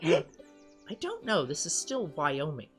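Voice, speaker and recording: This game channel host has a higher voice and a slow pace, with soft background music. He reads a visual novel aloud in let's play style, bantering and joking between lines with lively, laughing outbursts.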